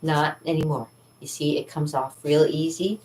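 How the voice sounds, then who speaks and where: A chatty woman painter talks her way around her art studio, rambling cheerfully and laughing often. Her voice sits a little low and reaches the mic from across the room. The room rings with a roomy echo. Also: fairly even intonation, normal speed, a little mellow, far from the mic, a little hiss or hum. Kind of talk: casual studio vlog. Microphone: camera mic, moving around the room.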